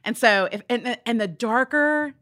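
A woman guest on a podcast, telling stories in an animated, emphatic way during casual chat. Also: a little high, moderate pace. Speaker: podcast guest, co-host of another podcast.

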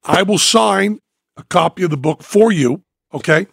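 A man's voice: sits high, animated, moderate pace, gravelly, fairly bright tone, husky, no echo, clean studio sound. An older man co-hosting a podcast in casual chat, talking emphatically and checking in with "okay?". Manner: emphatic, punctuates points with "okay?". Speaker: podcast co-host.

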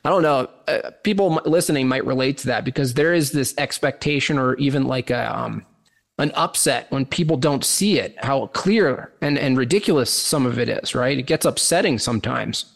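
A man's voice: mid-range voice, moderate pace, creaky. A man talking as a podcast guest, rambling with lots of fillers and restarts. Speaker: podcast guest, meme producer. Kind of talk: casual podcast chat.

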